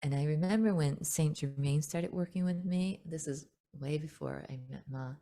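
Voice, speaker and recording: Female spiritual teacher, low relaxed voice, chatty and gently amused, loose unscripted delivery. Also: moderate pace. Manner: gentle, chatty, laughs often, many fillers and restarts. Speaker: spiritual teacher hosting a webinar. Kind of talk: casual spoken teaching.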